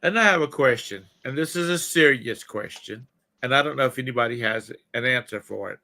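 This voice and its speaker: A man's voice: medium pitch, a little fast, bright, forceful tone. A tired man co-hosting a casual live chat, rambling and correcting himself as he goes. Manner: rambling, self-correcting, yawning. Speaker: co-host of a livestream.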